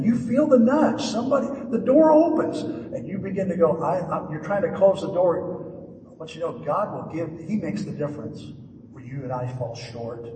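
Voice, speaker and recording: A man's voice: distant mic, a little hiss or hum. Older man preaching in echoey hall. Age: 60s. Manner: animated, jumps between high and hushed voices when quoting. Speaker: pastor. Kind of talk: sermon. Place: church sanctuary.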